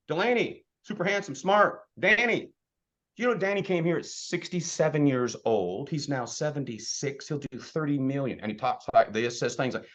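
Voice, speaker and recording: A man in his fifties giving an energetic motivational business presentation as a sales trainer, firing off rhetorical questions. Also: a little high, brisk, lo-fi sound. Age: 50s.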